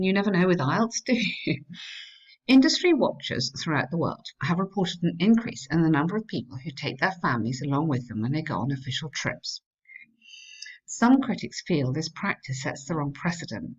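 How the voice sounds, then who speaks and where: A woman tutor gives warm, steady feedback on written essays, reading lines aloud and praising the work often. Her voice sits a little low. The recording sounds dull and lo-fi. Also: breathy edge. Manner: encouraging, frequent praise, reads student text aloud. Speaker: English writing tutor.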